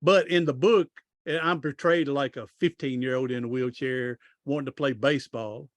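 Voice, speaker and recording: A middle-aged man, an author and speaker appearing as a podcast guest, tells long stories in a rambling, folksy manner during a casual storytelling interview, often restarting his sentences. His voice is mid-range and moderately paced, with no echo.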